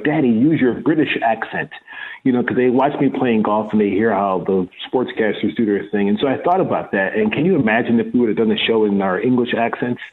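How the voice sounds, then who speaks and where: A man calls in as guest co-host on a radio talk show, relaxed and chatty. His voice has an average pitch. It comes through a thin, phone-like line. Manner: relaxed, chatty, laughs easily. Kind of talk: casual radio chat.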